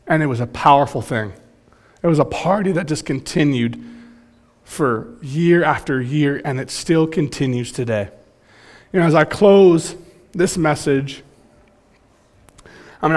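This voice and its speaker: A man in his thirties preaching a sermon, telling stories in an animated, joking way. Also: fairly high pitch, normal speed, pauses often. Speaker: pastor.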